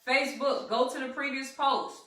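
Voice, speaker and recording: A woman's voice: sits high, fairly even intonation, normal speed, pushed and bright. A woman with a Southern US accent teaches a live-streamed trading lesson, calling out to viewers as y'all in a chatty, rallying way. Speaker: trading instructor. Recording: echoey room, distant from the mic.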